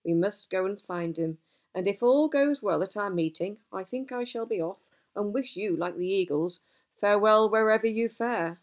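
A woman voicing an old male wizard who is gruff and easily cross, talking emphatically in a storybook reading. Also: mid-range voice, moderate pace, natural voice. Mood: grave. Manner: emphatic, exasperated outbursts.

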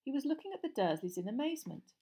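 A woman narrating a storybook audiobook in a steady, clear reading voice. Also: high-pitched, quick pace.

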